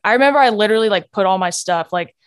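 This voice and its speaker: A woman hosting a podcast, telling a personal faith story in an earnest, candid way that often drops to a hush. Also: medium pitch, expressive, rapid-fire, clean tone, no room sound, clean studio sound. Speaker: podcast host.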